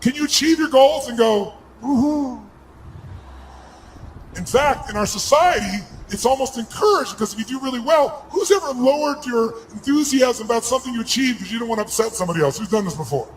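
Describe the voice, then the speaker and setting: Man, motivational seminar speaker, very high voice for a man, shouting, commanding, faint background noise. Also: expressive, poor audio. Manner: loud, commanding, often shouting to rouse the crowd; asks the audience rapid questions. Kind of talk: motivational seminar speech to a live audience.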